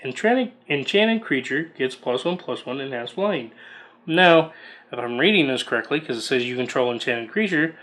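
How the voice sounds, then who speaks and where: A man's voice: medium pitch, animated, moderate pace, fairly bright tone. A man casually reading out trading card text as he opens booster packs, musing aloud between cards. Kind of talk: casual unboxing commentary.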